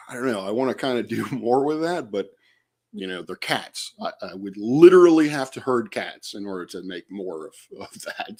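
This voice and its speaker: A man's voice: medium pitch, darkish tone. A man on a casual late-night livestream from home, rambling and hesitant with lots of fillers, chatting to viewers by name.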